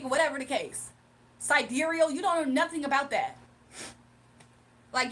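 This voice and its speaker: A woman's voice: high voice, a bit bright. A woman hosting a casual livestream, sassy and exasperated as she answers chat comments. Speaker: livestream host reading chat.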